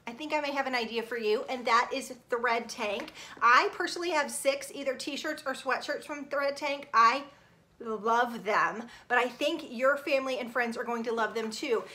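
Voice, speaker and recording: A woman in her forties chatting enthusiastically at home for her vlog, reviewing clothes she bought, often talking softly. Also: on the high side, moderate pace. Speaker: lifestyle vlogger. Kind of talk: casual product review vlog.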